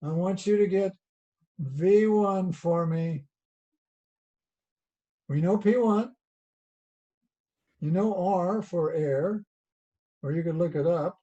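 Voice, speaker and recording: Slow folksy Southern man lecturing. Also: sits high, warm tone, muffled recording. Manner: folksy, drawn-out, chatty explaining with rhetorical questions. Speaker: college teacher. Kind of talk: online lecture. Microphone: video call.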